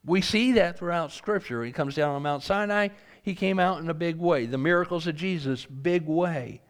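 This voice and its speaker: A man's voice: a little high, moderate pace, smooth. A man preaching a sermon, reading scripture aloud and asking earnest rhetorical questions.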